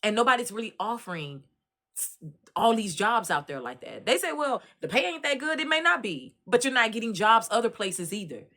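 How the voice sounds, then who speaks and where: Texas woman host, bright voice, lively colloquial storytelling, commentary. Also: on the high side, fairly quick. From Dallas, Texas. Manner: animated storytelling, Southern colloquial speech. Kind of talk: casual spoken commentary.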